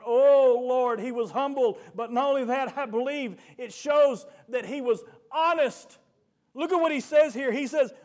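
Man, preacher, high voice, fervent, swings from quiet to shouting. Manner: rising to fervent shouts, then dropping low. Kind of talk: sermon.

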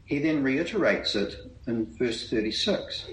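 Man, preacher, slow, earnest, bright, roomy echo. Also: medium pitch, lively intonation. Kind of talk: Bible reading meeting talk.

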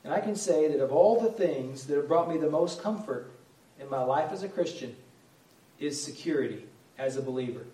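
A man's voice: on the high side, lively intonation, moderate pace, mellow. A middle-aged man preaching a sermon, earnest and conversational, repeating key phrases for emphasis. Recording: echoey room, voice from far off.

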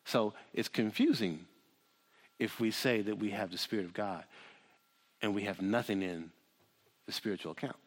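A man preaching a sermon as a pastor, dramatic, swinging from loud pleading to hushed near-whispers. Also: fairly low pitch, moderate pace, pauses often. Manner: dramatic, shifts from shouting to hushed. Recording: long hall reverb.

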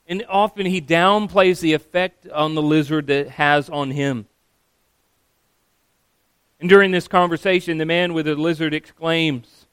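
A pastor giving a sermon, earnest and steady, sometimes acting out quoted voices. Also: male voice, a little high, unhurried, smooth, no echo.

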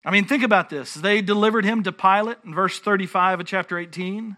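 A man's voice: sits high, a little fast, sharp tone. A man preaching a sermon as pastor, earnest and emphatic, often restarting his phrases.

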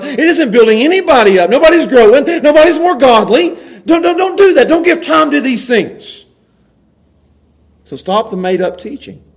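A man's voice: a little high, a little mellow. A man preaching a conversational sermon to his church, repeating words and restarting phrases for emphasis. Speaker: pastor.

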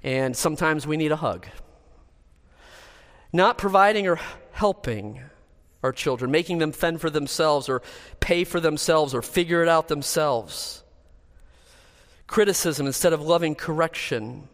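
Male pastor, earnest, measured sermon delivery, slightly high voice, long church reverb. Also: a bit bright. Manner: earnest, measured, list-driven.

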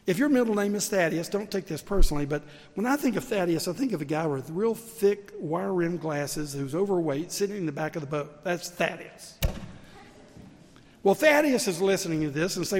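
A man's voice: high-pitched, animated, a little fast. An older man with a Southern American accent preaching a sermon as pastor, telling stories and building to emphatic points. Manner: storytelling preacher, rising to emphatic peaks. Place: large church sanctuary. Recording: long reverb of a church sanctuary.

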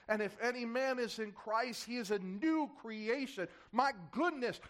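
A man preaching a sermon to his church, impassioned, his voice swelling and dropping as he drives his points home. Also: very high-pitched. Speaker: pastor.

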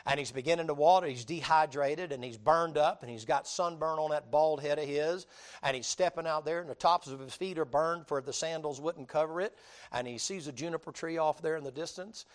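A man preaching a sermon, telling the story in a lively, colloquial way and acting out the people he quotes. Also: a little high, fairly quick. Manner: animated storytelling with colloquial drawl, dramatic quoted voices, laughs.

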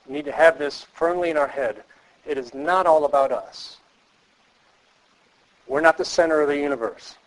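Heard on a rough recording, a man lecturing counselors speaks at normal speed with long pauses in a voice on the high side. He's earnest and emphatic, repeats key phrases, and asks the class rhetorical questions.

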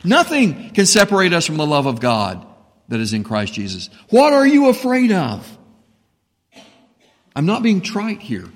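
A man preaching a sermon as pastor, impassioned, dropping to a hush and then rising to a booming voice. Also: huge pitch swings, unhurried, pauses often. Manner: impassioned, swings between hushed and booming when voicing Jesus. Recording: reverberant hall.

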